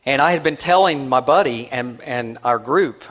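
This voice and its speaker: A man's voice: mid-range voice, moderate pace, a bit bright. A man giving a conference keynote and telling a story. His talk is conversational and self-deprecating, with many restarts, and he acts out the voices of the people he quotes. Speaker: conference speaker.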